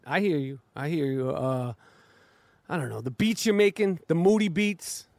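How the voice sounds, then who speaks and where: Podcast host, man with a high voice, animated and profane, talking outdoors in a backyard. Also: moderate pace, dry recording. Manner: rambling, profane, stammering restarts, animated. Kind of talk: casual podcast chat. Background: dog barking.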